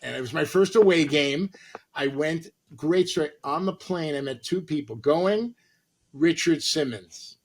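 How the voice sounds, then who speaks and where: A middle-aged man from Los Angeles, an actor and comedian, telling animated stories in an interview and acting out the people he quotes. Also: fairly high pitch, measured pace, breathy edge. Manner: animated anecdotes with acted-out quotes. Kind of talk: storytelling interview.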